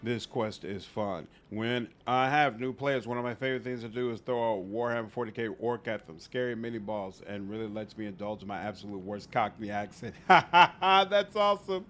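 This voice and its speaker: A man's voice: on the low side, level tone, a little fast, hardly any pauses, faint music behind. A man casually commenting on his game while chatting with viewers on a livestream. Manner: chatty, greets chat, reacts aloud while playing. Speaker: streamer.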